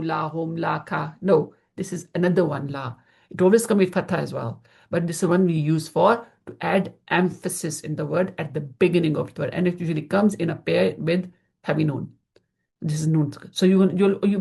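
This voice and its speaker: Low, gravelly-voiced woman teaching grammar. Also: darkish tone. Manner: patient, repeats key terms for emphasis. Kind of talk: slide-based online lesson.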